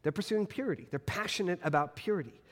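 A man preaching in a church with a fairly high voice that swings up and down as he presses each point. He slows down on the words he wants to land. His voice rings out with a long reverb that hangs in the room. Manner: expressive preaching with strong pitch swings and emphatic slowing. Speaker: pastor. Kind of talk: sermon. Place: church sanctuary.

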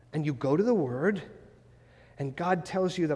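A male pastor preaches in an earnest, searching way, stacking up rhetorical questions. His voice sits high for a man. It rings out with the long reverb of a church sanctuary. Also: expressive, unhurried. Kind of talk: sermon.

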